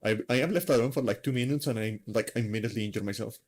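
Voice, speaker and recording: A man hosting a live stream chats casually in a mid-range, slightly mellow voice, talking at a racing pace. His talk rambles, pokes fun at himself, and is full of fillers.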